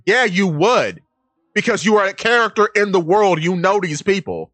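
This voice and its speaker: A man co-hosting a podcast in casual chat, animated, often acting out characters' lines. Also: high-pitched, moderate pace, dry recording. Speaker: podcast co-host. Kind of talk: casual chat about anime.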